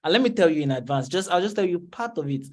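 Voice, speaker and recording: A man's voice: high-pitched, expressive, quick pace, a little mellow. A man hosting an online event as emcee, talking with lots of fillers. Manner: chatty, filler-heavy.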